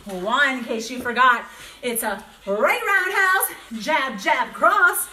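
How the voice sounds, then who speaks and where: With dogs barking nearby, a woman instructor runs a kickboxing workout at home, calling combos in an upbeat, encouraging manner and laughing often while getting winded. Her voice is high-pitched and sharp, and the recording sounds roomy.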